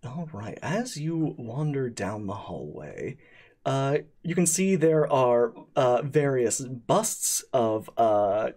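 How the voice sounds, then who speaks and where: A husky man narrates a streamed tabletop game as game master. His voice rises and falls a lot as he talks, and he stops often to hunt for words and start over. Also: mid-range voice, sing-song, darkish tone. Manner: halting, many fillers and restarts. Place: streaming setup.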